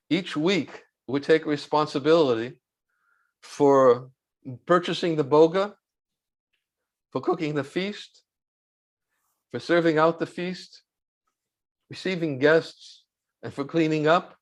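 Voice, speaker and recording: A man with a fairly high voice tells a story for an interview, easing along with pauses and filler sounds. He speaks as a monk recalling old times, plain and unhurried. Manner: unhurried, halting with fillers, chuckles while recalling.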